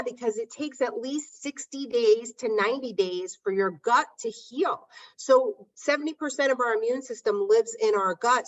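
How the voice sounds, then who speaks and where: A middle-aged woman hosting a podcast, telling a personal story in a chatty way and often adding "right?". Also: fairly high pitch. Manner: chatty, frequent "right?" tag questions. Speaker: podcast host. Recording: dull sound, slightly distant mic.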